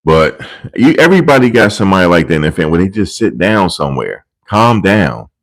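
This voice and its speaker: A man's voice: low voice, very animated, quick pace, low-quality recording. A man hosting casual celebrity commentary, telling rambling, profane and amused stories into a desk microphone. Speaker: commentary channel host. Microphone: desk USB microphone.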